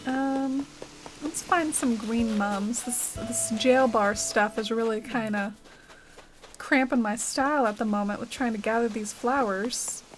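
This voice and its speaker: Chatty young woman streamer, slightly high. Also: measured pace, faint music behind, poor audio. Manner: chatty, rambling, heavy use of "like" and "uh". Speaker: live game streamer reading chat. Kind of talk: casual chat while playing.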